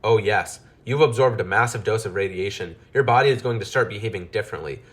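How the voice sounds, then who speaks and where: A man's voice: on the low side, fast talker, natural voice. A man voicing an exasperated male mad-scientist mouse who grumbles and scolds wearily in a storybook tale.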